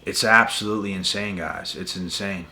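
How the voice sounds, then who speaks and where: A man's voice: low voice, moderate pace, sharp tone, a little hiss or hum. A man hosting a spiritual channel, ranting to camera in an emphatic, repetitive way with a lot of swearing. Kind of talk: casual rant to camera.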